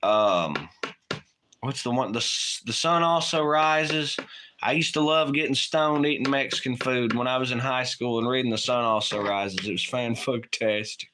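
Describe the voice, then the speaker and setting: A man's voice: mid-range voice, moderate pace, background noise. A man co-hosting a late-night livestream, chatting casually in a rambling, profane way and laughing often. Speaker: livestream co-host.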